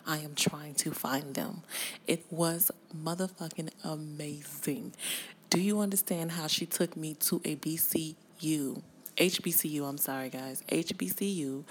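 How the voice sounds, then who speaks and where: Gushing, profane woman ranting excitedly. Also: sits low, a little slow, a little hiss or hum. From Miami. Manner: gushing, profane, swings between loud and whispered. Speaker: vlogger. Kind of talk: excited fan rant to camera.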